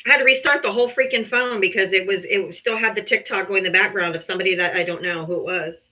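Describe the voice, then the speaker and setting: A woman's voice: medium pitch, steady tone, quick pace, bright, forceful tone. A woman in her forties hosting a casual livestream from her phone, exasperated, laughing and swearing over technical trouble. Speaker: livestream host.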